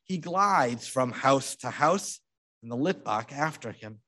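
A man telling a story as part of a sermon, with dramatic, hushed, expressive delivery. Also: mid-range voice, slow pace.

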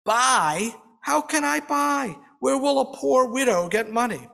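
A man's voice: sits high, sing-song, moderate pace, a bit bright, in a large hall, pitched above the performer's own voice, full character voice. A man doing a sick old widow. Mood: plaintive. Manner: plaintive, complaining. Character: poor sick old widow, frightened and complaining.

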